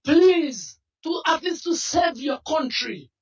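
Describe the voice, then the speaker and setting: A man with a Dominican accent, a protest leader giving an impassioned interview with fiery, preacher-like appeals and bursts of shouting. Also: very high-pitched, lively intonation, a little slow. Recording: distant mic.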